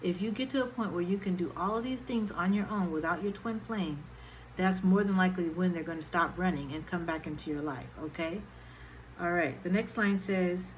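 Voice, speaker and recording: A woman's voice: on the low side, fairly quick, slight background noise, poor audio. A woman vlogger and singer-songwriter talking casually to camera and often checking in with her viewers. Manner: conversational, keeps checking in with "okay?". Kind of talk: casual talk-to-camera advice vlog.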